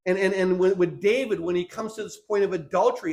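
A man preaching a sermon, animated, acting out Bible figures in quick back-and-forth dialogue. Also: high voice.

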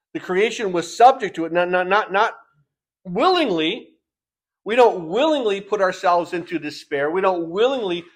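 A man preaching a sermon in an earnest, emphatic way, often repeating words for stress. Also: fairly high pitch.

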